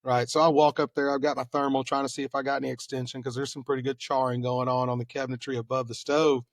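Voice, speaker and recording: A man in his late thirties with a Texan accent, a fire lieutenant telling stories casually and acting out the dialogue with lively pitch jumps. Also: fast, no echo, studio quality. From Texas. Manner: animated, acts out quoted dialogue with rising pitch and volume. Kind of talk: casual storytelling.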